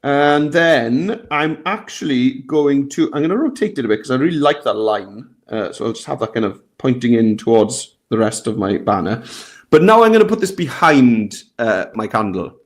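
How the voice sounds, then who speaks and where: A man of middling pitch leads a live design tutorial. He talks in a chatty way and walks the viewers through each step on screen. His voice sits right in the middle of the male range. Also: animated, moderate pace, hardly any pauses. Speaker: tutorial host. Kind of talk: live software lesson.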